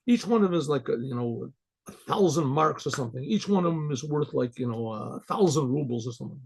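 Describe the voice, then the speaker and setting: A man's voice: medium pitch, lively intonation, fast, vocal fry, slightly rough. A male rabbi telling a folk story in a loose, conversational way, restarting his sentences often.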